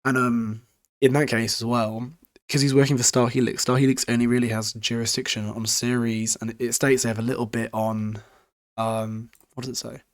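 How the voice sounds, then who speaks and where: A man's voice: medium pitch, flat delivery, moderate pace. A young British man casually recapping a book chapter for a podcast, rambling and swearing freely with frequent chuckles. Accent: British English.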